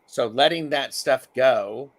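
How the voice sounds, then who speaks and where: Halting man giving a tarot reading. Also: mid-range voice. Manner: halting, with many fillers and restarts. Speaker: tarot reader. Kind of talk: casual chat and card reading.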